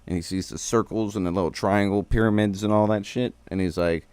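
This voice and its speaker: A man's voice: lowish voice, fairly even intonation, brisk, few pauses, a little mellow, clean tone, no room sound. A man streaming a casual, rambling recap of a cartoon episode, full of slang and swearing.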